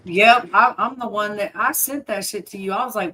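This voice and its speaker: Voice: mid-range voice, moderate pace, hardly any pauses, bright, forceful tone, low-quality recording. A co-host on a casual livestream chat, reacting with short, blunt comments.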